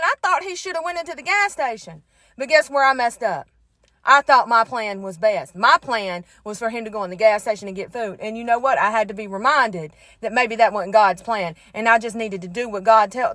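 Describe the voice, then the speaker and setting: A middle-aged woman telling a faith story in a sassy, animated way, talking straight to her listeners. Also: a little high, moderate pace, no echo. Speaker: faith vlogger. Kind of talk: casual testimony storytelling.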